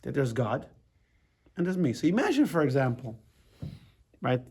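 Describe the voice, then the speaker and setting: A middle-aged rabbi from the United States teaches a casual class in a husky, mid-range voice with a darkish, sing-song lilt at normal speed. He talks loosely, repeating words, restarting sentences, and checking with the room by asking "right?"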